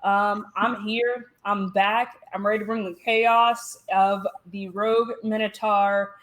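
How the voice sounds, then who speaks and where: A woman's voice: medium pitch, flat delivery, slow pace, a bit bright. A woman joining a remote tabletop game, playful and teasing with the group. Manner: playful, teasing, laughs often. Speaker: player and wrestler. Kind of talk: casual livestream banter. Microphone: home mic on a video call.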